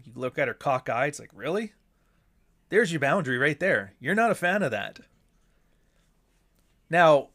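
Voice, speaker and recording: A man of middle pitch hosting a casual livestream and answering chat. He talks bluntly and swears freely, with a sardonic edge. He keeps putting rhetorical questions to himself and then answering them. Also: fairly bright tone. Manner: asks and answers his own rhetorical questions.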